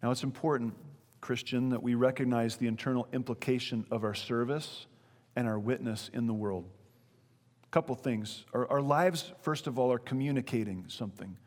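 A man's voice: mid-range voice, moderate pace, darkish tone. A man preaching a sermon as pastor, earnest and conversational, full of rhetorical questions. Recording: long hall reverb.

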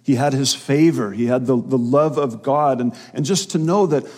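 Husky-voiced man preaching in a hall. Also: medium pitch, normal speed, a little mellow. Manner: emphatic, repeats phrases for stress. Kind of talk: sermon. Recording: long reverb of a hall.

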